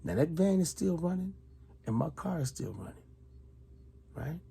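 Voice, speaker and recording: With fairly high pitch and big swings in it, a middle-aged ex-soldier accuses one person at normal speed, repeating himself. His creaky, slightly rough voice alternates loud outbursts with hushed asides.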